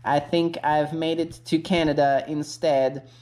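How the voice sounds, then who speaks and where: A woman giving an absurd, crude, deadpan comedic narration that rambles with many fillers. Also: low voice, measured pace. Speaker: creator of a parody video.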